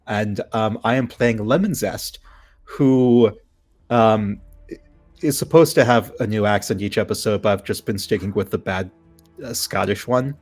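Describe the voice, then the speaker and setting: A man chatting casually as a tabletop player, rambling and animated with many restarts. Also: lowish voice, a little slow, faint music behind. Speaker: tabletop player, content creator. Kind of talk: casual chat around a game.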